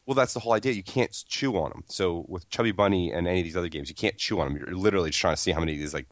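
A man co-hosting a comedy podcast, telling a story with a slow, rambling comic buildup. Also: low-pitched, no room sound. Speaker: podcast co-host.

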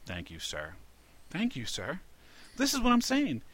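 A man's voice: a little high, wildly swooping pitch, measured pace. A man from New York with a New York accent, a podcast co-host ranting comedically and getting more and more exasperated. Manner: exasperated, ranting, rising to indignant shouts. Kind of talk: comedic rant.

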